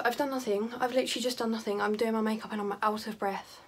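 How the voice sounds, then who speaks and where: Talking fast in a fairly high, slightly breathy voice with a steady tone, this teenage girl runs through her makeup in a casual tutorial. She's a chatty beauty vlogger who pokes fun at herself and drifts into rambling side comments.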